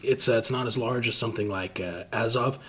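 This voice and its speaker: A man casually commenting on combat footage, relaxed and profane, with many fillers and restarts. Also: mid-range voice, brisk, a little hiss or hum. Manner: laid-back, swears freely, trails off with fillers. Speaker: host reacting to combat footage.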